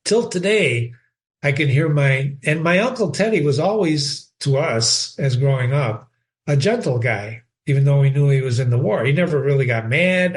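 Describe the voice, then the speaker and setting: Rambling older man lecturing on literature. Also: fairly high pitch. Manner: rambling, addresses himself by name. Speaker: host.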